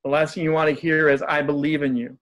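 A man's voice: a little high, little pitch movement, fast talker, a bit bright. A man who is a guest speaker, telling stories in a casual, upbeat and joking way. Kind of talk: casual storytelling in conversation.

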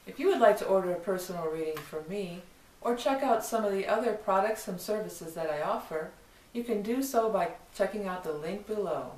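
A woman's voice: mid-range voice, expressive, fairly quick, a little mellow. A woman giving a casual, rambling tarot forecast, with frequent fillers and restarts. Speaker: tarot reader.

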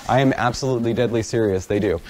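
A guest lecturer talks fast through an academic lecture with slides, sounding casual and self-deprecating with many fillers. His voice is mid-range and a little mellow.

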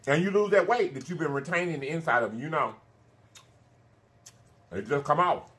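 Chatting to his viewers between mouthfuls, a thirty-year-old mukbang host speaks on the high side with a slightly bright tone, and a faint hiss or hum sits under the audio. He stretches out words like "honey" and "baby" and hums as he eats.

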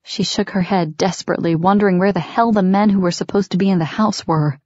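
A woman reading an audiobook in steady, measured scripted narration. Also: fairly low pitch, no room sound. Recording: dry, dull lo-fi recording.

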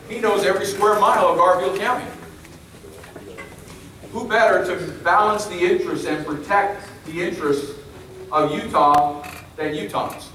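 A man's voice: fairly high pitch, fairly bright tone. A man giving an emphatic public speech to a crowd, repeating his key phrases. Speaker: speaker at a public meeting. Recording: echoey hall from far off, faint noise.

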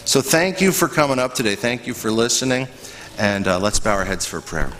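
A man, a pastor, giving a children's sermon in a church, telling a story with animated voices and asking the kids questions. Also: medium pitch, brisk, a little hiss or hum. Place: church sanctuary. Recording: echoey church hall, faint ambience.

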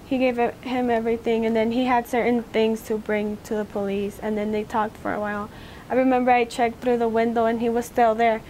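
A teenage girl giving an oral history interview, recounting a personal memory in a halting way. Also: on the high side, completely flat delivery, a little mellow, a little hiss or hum. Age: teens.

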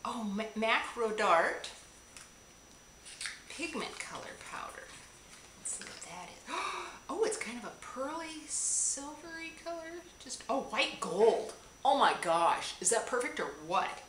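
A woman's voice: on the high side, very animated, unhurried, fairly bright tone. A woman unboxing a gift package on camera, gushing and gasping with delight at each item. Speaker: beauty vlogger. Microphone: camera on a tripod. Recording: echoey room, audible noise.

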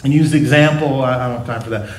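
Animated man preaching in an echoey church. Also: mid-range voice, racing. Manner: animated preaching, acts out quotes in different voices. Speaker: pastor. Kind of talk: sermon. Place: church sanctuary.

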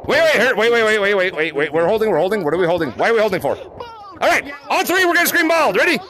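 A man with a very high, bright voice that leaps all over the place, calling out to fans during a VR game session. He is loud and giggly and fires off words in rapid repeats, heard close through a headset mic. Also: very animated. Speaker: YouTube content creator. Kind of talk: excited live gameplay chat with fans. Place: virtual reality game lobby, at home.

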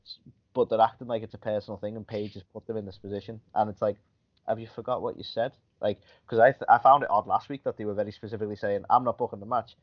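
A man's voice: fairly low pitch, fairly even intonation, fast talker. Man griping on a podcast. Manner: rambling, griping, chuckling. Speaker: podcast co-host. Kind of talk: casual wrestling chat. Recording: dull lo-fi podcast audio.

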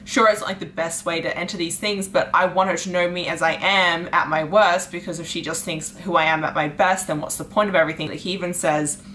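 A young woman vlogging about books she is reading, chatting casually and gushing, with "like" in nearly every phrase, swinging from hushed to excited. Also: on the low side, brisk, hardly any pauses, slight background noise. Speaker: book vlogger. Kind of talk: casual chat.

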